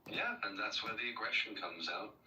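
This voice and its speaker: A man calling into a livestream, lecturing in a calm, cutting way. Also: on the low side, moderate pace. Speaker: caller on a livestream. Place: London. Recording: echoey call audio from far off.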